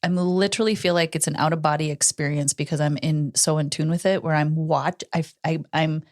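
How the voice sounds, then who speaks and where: A woman's voice: deep voice, steady tone, brisk, a little mellow. A middle-aged woman co-hosting a podcast, telling a personal story earnestly in casual chat. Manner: earnest storytelling, acts out quoted dialogue. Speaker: podcast co-host.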